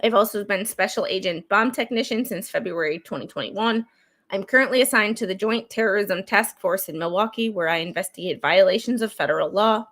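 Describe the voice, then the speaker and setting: A true crime streamer talks a little fast in a medium-pitched, slightly bright voice. She's still shaking off a cold and coughs occasionally while reading court documents aloud, casually breaking off into asides.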